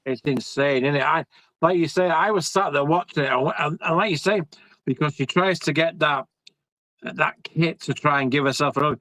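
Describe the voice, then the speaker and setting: Male co-host, slightly higher pitch, dry, animated and repetitive in casual chat. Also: normal speed, no echo, rough recording. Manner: animated, repeats himself. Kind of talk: casual film review chat.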